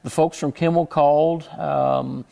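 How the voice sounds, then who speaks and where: A middle-aged man from Houston speaks as a guest in an interview, with a gravelly edge to his slightly raised voice. He rambles through his anecdotes, restarting and correcting himself as he goes. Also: on the high side, steady tone, measured pace, dark tone. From Houston, Texas. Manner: rambling, self-correcting storyteller. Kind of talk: conversational interview.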